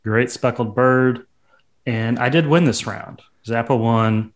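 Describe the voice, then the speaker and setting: A man's voice: mid-range voice, steady tone, takes it slowly. A man co-hosting a casual music podcast, telling amused anecdotes. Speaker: podcast co-host. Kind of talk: casual chat.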